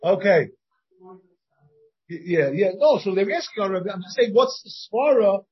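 A rabbi teaches a casual Talmud study class in a high-pitched, animated voice at a moderate pace. He thinks aloud, restarts often, and puts questions to his students. The dull audio comes from a shared class recording that was partly over a video call.

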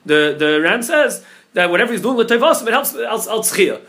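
A man, a rabbi, giving a Talmud class, talking quickly with many restarts and repeated words. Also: high-pitched, very animated, bright, forceful tone. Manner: rapid, repeats words and restarts, mixes Hebrew and Yiddish terms into English. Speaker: rabbi teaching a daily Talmud page.

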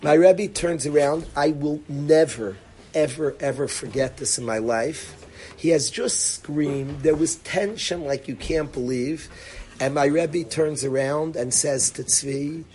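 A middle-aged man casually telling a personal story, acting out the dialogue and dropping to a hush for quoted lines. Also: a little high, measured pace, slight background noise. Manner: animated, acts out dialogue, drops to near-whisper for quoted lines. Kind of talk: casual spoken anecdote.

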